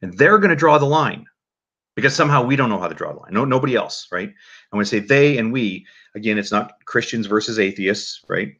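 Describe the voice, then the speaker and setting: A man giving casual spoken commentary to his audience in a halting, dry and joking way, with many restarts and fillers. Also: lowish voice, animated, fairly bright tone, muffled recording. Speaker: video commentator.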